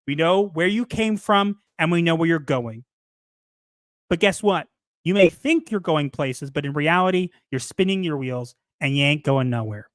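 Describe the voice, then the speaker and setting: Animated male podcast co-host. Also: fairly high pitch, normal speed, dry recording, studio quality. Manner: animated, ranting, playful. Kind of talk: casual chat.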